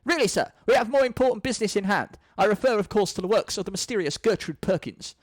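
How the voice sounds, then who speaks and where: A man's voice: high voice, expressive, fast, no echo, pitched above the performer's own voice. A man reading a screenplay aloud, voicing a sardonic, scheming male butler with a dry, exasperated manner. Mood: sarcastic. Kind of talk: screenplay read-through.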